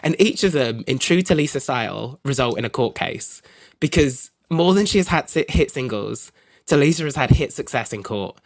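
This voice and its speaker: A man's voice: mid-range voice, expressive, normal speed, vocal fry, no room sound. A man chatting as a podcast guest, gossipy and enthusiastic, joking as he talks. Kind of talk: casual podcast chat.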